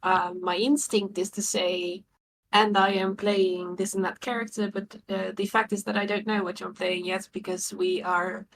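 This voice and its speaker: A woman's voice: mid-range voice, level tone, moderate pace, creaky, low-quality recording. Rambling, hesitant woman from the Netherlands. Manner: hesitant, rambling, self-amused. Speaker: writer, player. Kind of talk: casual podcast chat.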